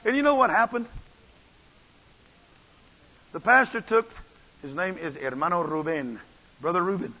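A man's voice: high-pitched, normal speed, long pauses, sharp tone, husky. A man preaching a sermon as pastor, with an impassioned, repetitive cadence. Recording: dull audio with long church reverb.

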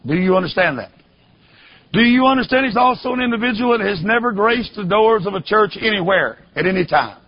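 A man preaching a sermon as a story, emphatic and repeating rhetorical questions to the congregation, at times rising to a shout. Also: high voice, expressive, brisk, breathy edge. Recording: dull lo-fi recording.

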